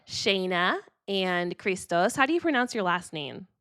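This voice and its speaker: A woman's voice: fairly low pitch, animated, unhurried, smooth, dry recording, clean studio sound. A woman hosting a podcast interview, giggly, peppering her talk with "like". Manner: warm, giggly, lots of "like". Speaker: podcast co-host. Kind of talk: casual interview.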